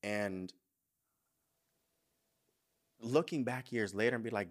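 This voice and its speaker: A man's voice: on the low side, a little fast, few pauses. A young man hosting a podcast, talking candidly and emotionally in a casual chat, swearing freely. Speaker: podcast host.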